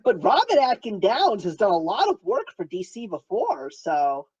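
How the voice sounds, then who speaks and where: A woman's voice: mid-range voice, huge pitch swings, normal speed, a little mellow, breathy edge, highs cut off. A woman co-hosting a casual film review chat, playful and teasing. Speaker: co-host of a film review show.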